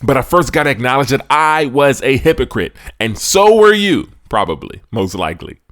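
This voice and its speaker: Speaking in casual slang, a male sports podcast host preaches straight to his listeners, swinging between loud emphasis and hushed asides. His mid-range voice moves at a moderate pace with big pitch swings.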